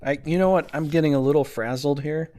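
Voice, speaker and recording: A man's voice: fairly high pitch, a little fast, mellow. A man doing a casual tarot reading who rambles, talks himself in circles and gets easily flustered. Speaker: tarot reader.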